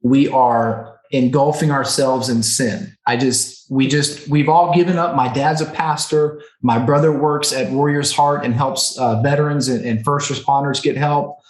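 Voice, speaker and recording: A man in his thirties speaks as a podcast guest, earnest and emotional as he recounts his own past. He keeps checking in with his listener with little "right?" and "okay?" tags. His voice sits at an ordinary middle pitch and rings a little in a roomy space. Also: steady tone, a little slow, few pauses. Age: 30s. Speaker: podcast guest, recovery center co-owner. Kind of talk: personal storytelling in a conversation. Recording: roomy echo on the voice.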